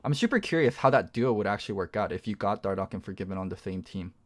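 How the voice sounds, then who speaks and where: Brief: relaxed male podcast host, loose and chatty. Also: on the low side, fast talker. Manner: casual, filler-heavy. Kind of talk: casual podcast chat.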